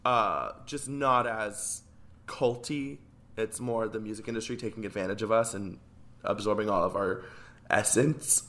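Bright-voiced man retelling scenes playfully. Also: on the low side, fairly even intonation, a little slow. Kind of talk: casual podcast chat.

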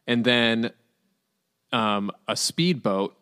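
A man's voice: mid-range voice, animated, drawn-out words, fairly bright tone, clear, resonant tone. A man who is a podcast guest, telling a story in casual chat with lots of fillers and easy laughter. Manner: rambling, filler-heavy, laughs easily.

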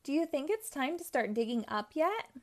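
A woman's voice: sits high, sing-song, moderate pace, pitched above the performer's own voice. A woman voicing bumbling, whiny male ghosts in a children's story. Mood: whiny scheming.

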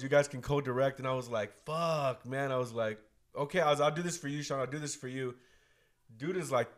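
A man, a guest on a podcast, telling a story in a relaxed, casual way. His voice is medium in pitch, and he acts out what other people said. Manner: storytelling, acts out quoted dialogue, swears. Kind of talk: casual chat.

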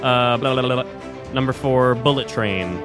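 A man's voice: mid-range voice, normal speed, music in the background. A man co-hosting a podcast in casual chat, enthusiastic and swearing freely as he runs through his list. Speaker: podcast co-host.

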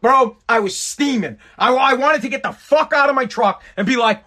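A man's voice: very high voice, normal speed, hardly any pauses, bright, forceful tone. A man hosting a solo podcast, ranting in an exasperated, heavily profane way. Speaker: podcast host.

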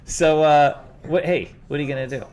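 A man's voice: on the high side, fairly quick, over a noisy crowd. A man chatting casually as a local business owner, joking and rambling with frequent restarts. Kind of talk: casual chat. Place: based in Las Vegas.

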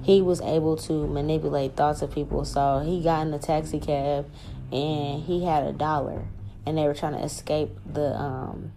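A woman's voice: deep voice, flat delivery, moderate pace, gravelly, mellow, soft background music. A young woman hosting a spiritual podcast, talking in a laid-back, rambling way and swearing casually. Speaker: podcast host.

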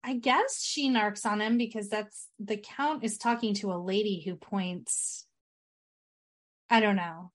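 This is a woman hosting a podcast. Her voice sits in the middle of her range. She retells film scenes in a relaxed, storytelling way. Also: medium pitch, measured pace. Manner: storytelling, acts out quotes. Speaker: podcast host. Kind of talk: casual chat, recapping a film.

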